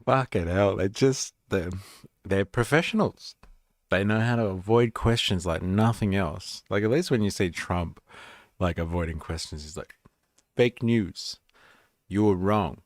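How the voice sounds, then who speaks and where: A man's voice: low-pitched, moderate pace, dry recording, studio quality. A man with an Australian accent hosting a live stream, talking casually with sarcasm and plenty of swearing. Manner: sarcastic, swears freely, rambling.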